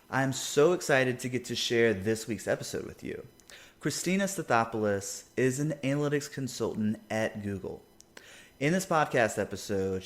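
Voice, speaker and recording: A man from North Carolina with a Southern American accent, hosting a podcast interview in an upbeat, chatty way. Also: medium pitch. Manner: upbeat, chatty, repeats words when excited. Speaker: podcast host.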